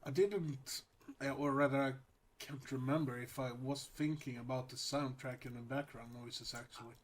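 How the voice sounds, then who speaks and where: A man co-hosting a podcast, talking about a movie in a relaxed, offhand way with fillers and the odd swear word. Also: mid-range voice, normal speed. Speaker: podcast co-host. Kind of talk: casual movie discussion.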